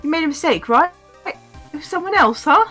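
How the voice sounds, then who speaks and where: A woman's voice: sits high, lively intonation, a little fast, a bit bright, soft background music. A woman reading aloud the nervous, pleading lines of an evasive young male witness from a game.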